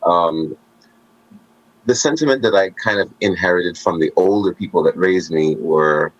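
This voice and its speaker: A man's voice: low-pitched, unhurried, no echo, muffled recording. A man in casual conversation, talking emphatically and thoughtfully about everyday manners.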